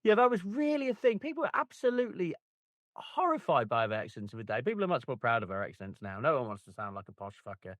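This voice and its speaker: A man's voice: medium pitch, big pitch swings, fast, fairly bright tone, no echo. Wry male podcast co-host. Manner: wry, joking banter. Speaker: book club podcast co-host. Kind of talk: casual podcast chat.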